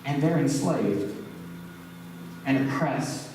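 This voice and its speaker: A medium-pitched, expressive male voice speaks slowly amid some background noise. He's a pastor delivering a sermon in a church sanctuary, preaching conversationally and putting questions to the congregation, captured from a distant mic in the echoey hall.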